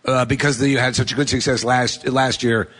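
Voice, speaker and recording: A man co-hosting live radio, animated and enthusiastic, often stammering. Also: medium pitch, moderate pace. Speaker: radio co-host. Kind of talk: casual radio banter.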